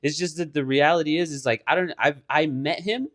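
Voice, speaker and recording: A man's voice: fairly high pitch, fairly quick, fairly bright tone. A young man co-hosting a podcast, telling a long casual story, swearing freely and laughing often. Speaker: podcast co-host. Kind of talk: casual chat.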